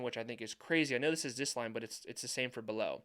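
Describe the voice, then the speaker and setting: A man's voice: mid-range voice, expressive, racing, hardly any pauses, fairly bright tone, smooth. A young adult man giving market commentary over charts, emphatic and repeating points for stress. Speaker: finance YouTuber.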